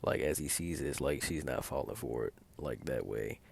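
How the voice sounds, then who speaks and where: A man with an extremely low voice that keeps sliding into gravelly fry. He recaps a TV episode in a loose, rambling way, leaning on filler words throughout. He retells the scenes by quoting the characters in his own plain voice. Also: moderate pace, darkish tone. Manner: rambling, heavy use of filler like "like" and "or whatever". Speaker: video host recapping a TV episode. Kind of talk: casual spoken recap.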